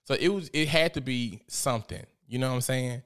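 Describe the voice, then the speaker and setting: A man's voice: mid-range voice, a little fast, fairly bright tone, smooth. Guy doing messy gossip commentary, cussing a lot, laughs easy, mid voice. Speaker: commentary host. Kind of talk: casual commentary.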